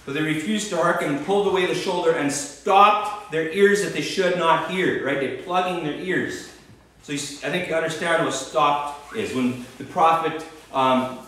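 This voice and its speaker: A man's voice: on the high side, fairly bright tone. A man with a Canadian accent preaching a sermon, emphatic and punctuating his points with "right?" and "okay?". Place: church hall. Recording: very echoey church, distant mic, faint noise.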